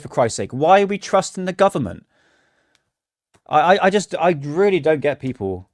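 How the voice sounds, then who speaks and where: A man's voice: on the high side, very animated, normal speed, no room sound, studio quality. A man hosting a casual livestream, talking bluntly and ranting, swearing freely. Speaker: livestream host.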